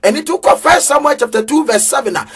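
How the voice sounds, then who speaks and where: A man preaching an energetic street sermon, chanting in a sing-song way with bursts of shouting. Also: very high-pitched, a little fast, soft background music.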